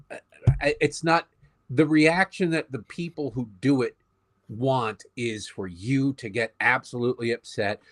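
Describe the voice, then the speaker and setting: A man appearing as a guest commentator, talking in a sarcastic, profane, animated way in casual political chat. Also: mid-range voice, dry recording, clean studio sound.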